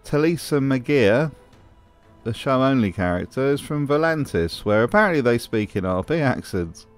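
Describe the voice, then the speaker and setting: A man's voice: mid-range voice, animated, normal speed, soft background music. A man hosting a scripted commentary video, with a wry, sarcastic manner. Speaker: host.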